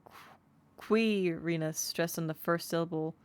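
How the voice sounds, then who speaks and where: A woman's voice: lowish voice, moderate pace, a little mellow. A woman streaming a game, chatting casually and reading in-game text aloud, sounding out unfamiliar words as she goes.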